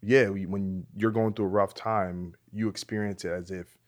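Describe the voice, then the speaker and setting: A man with a low voice hosts a podcast interview in a reflective, conversational way. He often restarts his sentences as he works through his thoughts. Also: fairly even intonation, normal speed. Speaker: podcast host.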